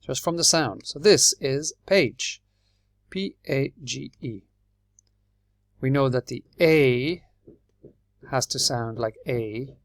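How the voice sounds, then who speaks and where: A man with an Irish accent teaching English, explaining patiently and clearly and spelling words out letter by letter. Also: mid-range voice, takes it slowly, pauses often, no room sound, clean studio sound. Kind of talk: slow, clear classroom explanation.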